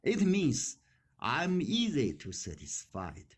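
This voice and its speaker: A retired man in his sixties speaks simple, halting non-native English full of fillers during a casual practice conversation. His voice is fairly high with a breathy edge, and his pitch swoops wildly.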